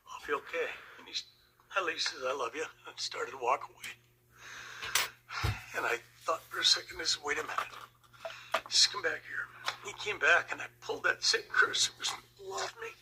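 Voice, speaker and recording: An older man and Vietnam veteran, telling a personal story slowly and with emotion. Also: a little high, background noise. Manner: slow, emotional, reflective.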